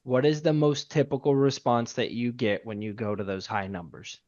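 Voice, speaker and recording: A man coaching a room of salespeople with animated energy. He repeats his key points and acts out both sides of client calls. The recording sounds a little muffled and lo-fi. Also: mid-range voice, normal speed. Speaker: sales trainer. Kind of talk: sales training talk.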